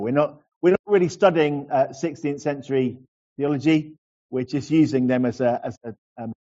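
A middle-aged man preaching a sermon earnestly, slowing down to linger over key phrases. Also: mid-range voice, dark tone, lo-fi sound. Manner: earnest, slows to savor phrases.

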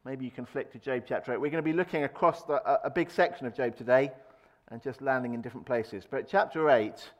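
A man's voice: mid-range voice, quick pace, lo-fi sound. A man preaching a sermon in a conversational way, with fillers and restarts, raising his voice to act out quoted lines. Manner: acts out quoted speech with raised voice.

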